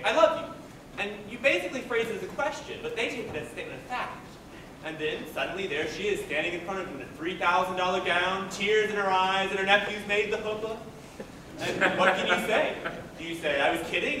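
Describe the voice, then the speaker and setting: A man's voice: high voice, background noise. A young man in a live school musical playing a lonely theater fan, chatting and confiding between songs. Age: young adult. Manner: chatty, wistful, confiding asides. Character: lonely male theater fan narrating his cast album. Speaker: high school stage actor. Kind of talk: live stage musical acting. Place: school auditorium stage. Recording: echoey hall heard from far off.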